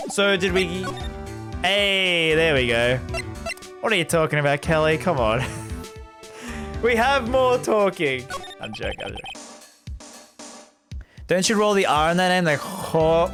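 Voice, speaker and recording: A male streamer rambling and laughing as he talks to his live chat. His voice is fairly high and very lively, and game music plays clearly underneath. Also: measured pace, long pauses.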